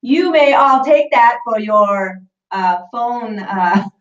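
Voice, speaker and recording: A playful woman co-host, chatting casually and laughing a lot, with a high voice that jumps all over. She sounds far from the mic in a roomy, echoing space. The audio is dull, like a low-grade live stream. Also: expressive, slow.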